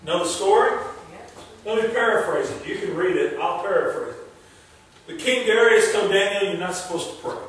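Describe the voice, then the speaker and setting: A male pastor delivering a sermon, preaching emphatically with repeated refrains and casual asides. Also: high-pitched. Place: large church sanctuary. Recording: very echoey hall from far off, faint noise.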